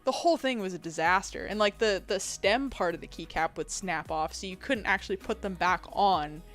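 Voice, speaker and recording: A woman game streamer chatting casually with her viewers, reading chat and laughing often, with a fairly deep voice. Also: fairly quick, a bit bright, faint music behind. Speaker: game streamer and video editor.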